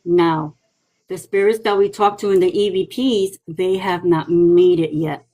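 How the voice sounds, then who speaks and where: A woman, a psychic medium guest, chatting casually and telling lively stories in which she acts out other people's voices. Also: fairly low pitch, measured pace, poor audio. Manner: lively storyteller who acts out quoted voices. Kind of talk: casual livestream chat.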